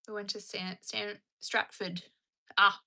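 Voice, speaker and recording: A woman's voice: mid-range voice, little pitch movement, slow pace, pushed and bright. A young woman hosting a casual livestream from home, chatting and answering viewer comments. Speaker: livestream host. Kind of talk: casual live-stream chat.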